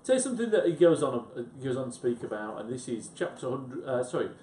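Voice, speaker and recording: A man's voice: very animated, fast talker, mellow. A man, a book club panelist, giving opinionated views in casual conversation. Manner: opinionated, conversational, drops pitch at ends of points. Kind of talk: casual discussion. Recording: echoey room with faint rumble.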